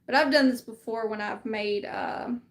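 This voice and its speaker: A woman's voice: on the high side, normal speed. Easygoing Southern woman hosting a craft stream. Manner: easygoing, explains steps while working. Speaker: craft livestream host. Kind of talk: casual crafting livestream chat.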